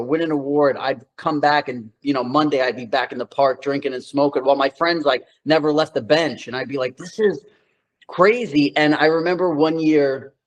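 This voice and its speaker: In a low-quality recording, a medium-pitched man chats as a guest in a relaxed interview. He's an actor in his thirties from New York whose slangy, loose storytelling is thick with fillers, "like" above all.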